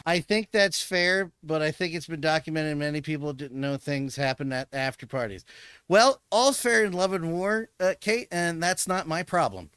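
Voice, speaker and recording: A man's voice: fairly high pitch, moderate pace, fairly bright tone, smooth, no echo. A man co-hosting a podcast, chatting casually in an opinionated, sarcastic way. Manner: opinionated, sarcastic, jumps between topics. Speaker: podcast co-host. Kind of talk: casual chat.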